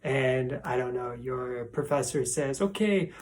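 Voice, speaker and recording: An easygoing man explains an everyday English phrase in a relaxed video lesson. He talks slowly and playfully, with a voice that sits in the middle of the range. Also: mid-range voice. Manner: relaxed, playful, acts out exasperated exclamations. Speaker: English teacher.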